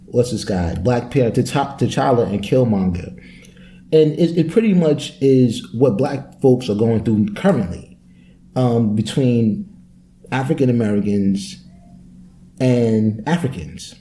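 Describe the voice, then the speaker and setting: Dark-voiced man ranting on a podcast. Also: medium pitch. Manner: animated, profane ranting with rhetorical questions. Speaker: podcast host. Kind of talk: solo podcast rant.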